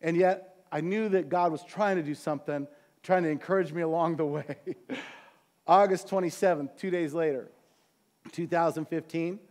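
A middle-aged man preaching to his congregation, talking casually and asking them questions along the way. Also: sits high. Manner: conversational, animated preaching with asides to the congregation. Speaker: pastor. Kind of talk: sermon.

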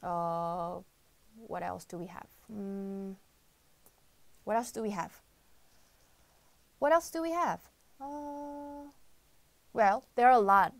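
A young woman from South Korea hosting a live-stream quiz show, chatting bubbly and reading out viewer comments with excited outbursts. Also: medium pitch, slow, pauses often.

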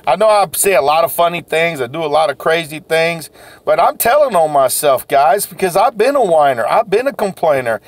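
A man's voice: fairly high pitch, expressive, brisk. A man, a sales coach giving a folksy, self-deprecating motivational talk.

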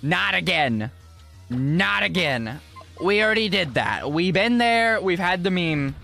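A young male streamer commenting on his gameplay live and chatting with his viewers. His voice sits fairly high and swings widely in pitch, loud outbursts mixed with easy casual slang, over faint game music. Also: moderate pace, creaky. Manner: animated, exclaiming, casual slang.

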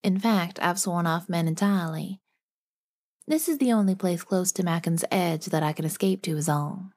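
A woman's voice: on the low side, normal speed, a little mellow. A woman narrator voicing a young woman who lightly shrugs off past hurt. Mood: breezy.

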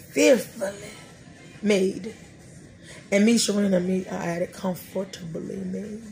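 A woman's voice: on the high side, dark tone. A middle-aged woman hosting a podcast, sharing faith talk in a colloquial, joking, storytelling way. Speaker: podcast host.

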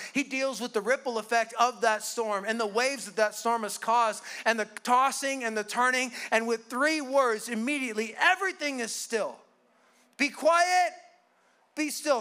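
A male pastor preaching a sermon, swinging between loud emphatic bursts and hushed asides. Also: extremely high pitch.

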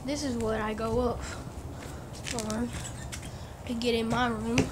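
In a noisy handheld phone video, a teenage vlogger wanders through the rooms of her house and outside. Her voice is on the high side, flat and unhurried, and she rambles casually with distracted asides.

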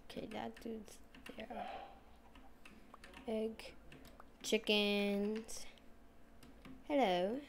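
A woman's voice: mid-range voice, fairly even intonation, very slow, pauses often, noisy background. A woman giving rambling, casual commentary as she plays a game, chatting away and talking to the animals she meets. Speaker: gameplay streamer.

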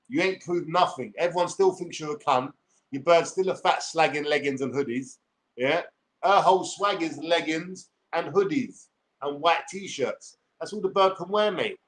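A man's voice: on the high side, fairly bright tone. A man in his forties with a London accent, ranting combatively and swearing on a livestream. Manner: combative, profane, streetwise slang. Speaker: YouTuber. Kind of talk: livestream rant.

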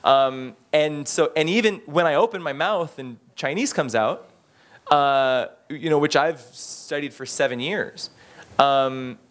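Chatty, animated man with a higher voice. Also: unhurried. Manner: animated, many fillers and restarts, jumps into voices for quotes. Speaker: interviewee, expat in the bar trade. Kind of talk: casual anecdotal interview answers.

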